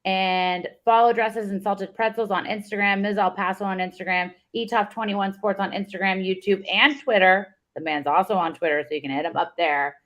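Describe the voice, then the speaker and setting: A woman's voice: medium pitch, fairly even intonation, moderate pace, hardly any pauses, a bit bright. A woman co-hosting a casual sports podcast, wrapping up the episode in an upbeat, promotional way. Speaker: podcast co-host.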